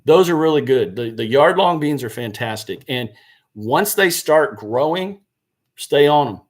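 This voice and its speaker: With lively intonation and a slightly slow pace, a gardening channel host speaks in a mid-range voice on a live stream. Sitting indoors by a seed box, he chats casually, responding to viewer questions and correcting himself as he goes.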